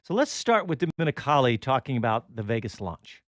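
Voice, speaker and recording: A man's voice: mid-range voice, very animated, brisk, dry recording. A male radio host in casual studio chat, rambling and self-correcting as he sets up clips.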